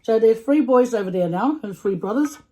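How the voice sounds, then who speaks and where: Animated and a little fast, her voice is on the high side but dark in tone. She's a vlogger with a Samoan English accent, chatting through a casual storytime vlog over a meal, talking a lot, laughing often, and repeating herself.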